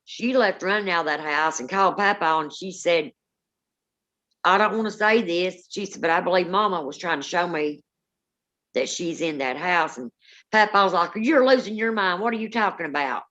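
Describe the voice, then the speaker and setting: A woman's voice: on the low side, normal speed, pushed and bright, highs cut off. A woman, co-hosting a paranormal live stream, telling rambling family stories with many restarts. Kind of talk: casual live-stream storytelling.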